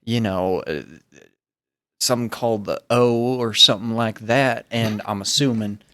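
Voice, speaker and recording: A man's voice: lowish voice, moderate pace, fairly bright tone, lightly acted. A man playing a nervous, sweaty, fed-up ex-corporate worker in a tabletop game, pleading earnestly and stumbling over restarts. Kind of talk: in-character tabletop role-play.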